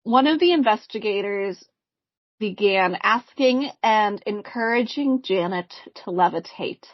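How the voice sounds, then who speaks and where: A woman co-hosting a podcast, telling a haunting case in a measured casual way among friends. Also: mid-range voice, animated, dry recording. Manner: reads the story in a measured way, breaks into laughter. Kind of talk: casual storytelling chat. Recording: dull, slightly lo-fi podcast mic.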